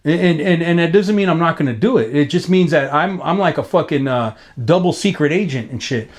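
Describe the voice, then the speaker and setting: A man in his fifties from Los Angeles, telling stories in a loose, casual interview. His voice sits a bit high, and it leaps higher whenever he gets worked up. He talks in a profane, slang-heavy ramble full of restarts. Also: brisk. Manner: animated, pitch jumps up when excited. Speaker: graffiti writer being interviewed.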